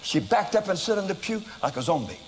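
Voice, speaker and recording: An older American man preaching, telling a story in an animated way with sudden shouts and laughter at himself. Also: sits high, a little fast, in a large hall, background noise. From United States. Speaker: evangelist preacher. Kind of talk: storytelling sermon.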